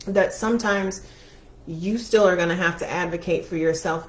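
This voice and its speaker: Frank woman coach, low voice, roomy echo. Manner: frank personal storytelling, emphatic. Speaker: life and money coach. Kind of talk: candid motivational talk. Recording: roomy echo with faint noise.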